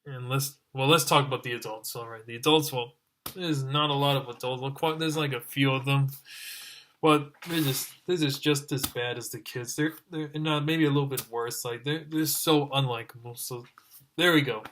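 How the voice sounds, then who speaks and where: A man rants through a review in a bright, tense voice that carries a sharp edge. He sounds exasperated and keeps exclaiming again and again, stumbling over his words as he piles on complaints. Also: mid-range voice, steady tone, moderate pace, a little hiss or hum. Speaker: online reviewer. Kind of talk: ranting review.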